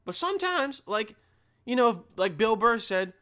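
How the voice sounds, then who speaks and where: A man's voice: very high-pitched, sing-song, a little slow, sharp tone. A young man who works a motel front desk, telling a rambling, sarcastic work story full of swearing. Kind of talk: casual profane storytelling rant.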